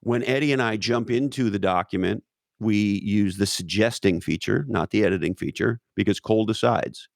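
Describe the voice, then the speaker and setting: A man with a low, gravelly voice talks in a loose, emphatic way, swearing freely and piling up restarts. The sound is dry and close, with no room around it. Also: normal speed, dry recording. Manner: profane, repetitive restarts, emphatic. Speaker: guest. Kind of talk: casual interview talk.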